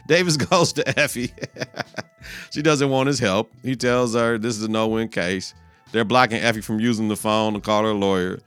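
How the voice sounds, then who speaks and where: Profane, animated male podcast host. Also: on the low side, moderate pace, smooth, no room sound, soft background music. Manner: profane, animated, acts out character lines. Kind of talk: casual TV episode recap.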